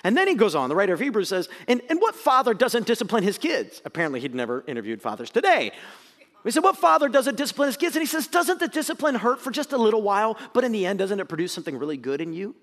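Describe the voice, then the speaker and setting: A male pastor delivers a sermon with a lively, swooping delivery, pushing hard on key points and then dropping to quiet asides. His voice sits high for a man. The sound carries a long reverb, like a church sanctuary. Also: fast talker. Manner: animated, conversational preaching with swings between loud emphasis and quiet asides.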